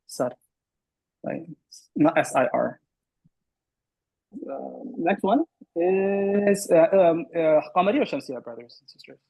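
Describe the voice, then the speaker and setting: A man's voice: a little high, lively intonation, takes it slowly, pauses often, a little mellow, poor audio. A man teaching an online Arabic class, quizzing students and correcting them through repeated words.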